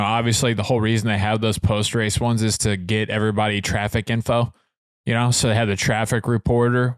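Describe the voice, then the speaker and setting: A man in his thirties co-hosting a casual podcast, telling rambling stories that build into loud excitement. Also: fairly low pitch, clean tone, no room sound, studio quality. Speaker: podcast co-host. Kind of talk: casual chat.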